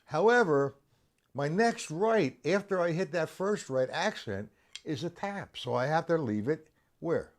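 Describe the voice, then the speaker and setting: A middle-aged man leads a live-streamed drum lesson. His pitch rises and falls freely as he explains sticking patterns and talks to viewers. His tone is animated and instructive. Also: a little slow. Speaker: drum teacher.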